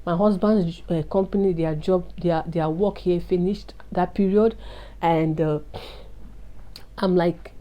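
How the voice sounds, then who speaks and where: Slow, steady, and warm, this woman's voice sits on the low side. She's a vlogger sharing an emotional testimony, earnestly confiding in the viewers she calls "guys."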